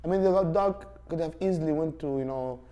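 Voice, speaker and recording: A man's voice: on the high side, brisk, dark tone. Rambling man. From Saudi Arabia. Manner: rambling, with many fillers and restarts. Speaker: podcast host. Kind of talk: casual storytelling.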